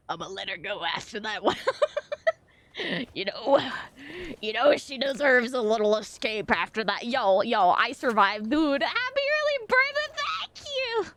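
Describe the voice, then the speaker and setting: A woman streaming as a VTuber chats casually and reads her chat aloud, her fairly high voice bubbly and excitable. She laughs often and sounds emotional, close to tears.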